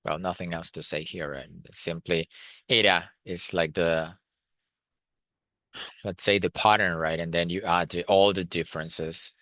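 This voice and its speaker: Male language teacher, deep crisp voice, dry close sound, explains with many fillers. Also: fairly even intonation, measured pace, sharp tone, no room sound. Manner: thinks aloud with frequent fillers and restarts, switches between Spanish and English. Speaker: Spanish teacher. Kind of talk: explanatory lesson, reading notes and translating.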